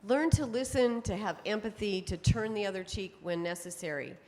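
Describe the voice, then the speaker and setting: A middle-aged woman giving a conference talk to an audience, telling stories in a lively way and laughing often. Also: medium pitch, moderate pace. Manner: lively storytelling with frequent laughs. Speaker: speaker on temperament psychology. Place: conference hall. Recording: long hall reverb.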